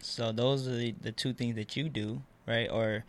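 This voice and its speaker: A laid-back man co-hosts a casual chat, teasing his partner and joking around in slangy everyday talk. His pitch sits in the middle for a man's voice. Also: steady tone, normal speed. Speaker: co-host.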